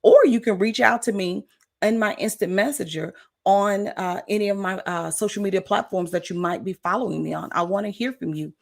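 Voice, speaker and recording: A woman's voice: medium pitch, fairly quick, gravelly. A woman coach hosting a motivational livestream talk. She is encouraging, repeats affirmations, and uses many "uh" fillers. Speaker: coach and show host.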